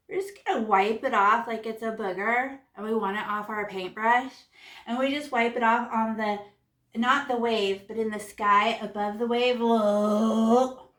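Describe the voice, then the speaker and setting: A woman leads a children's painting class with a slightly high voice. She talks playfully and chattily, tossing in sound effects and repeating words as she goes. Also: a bit bright. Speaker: art teacher. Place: classroom or home room.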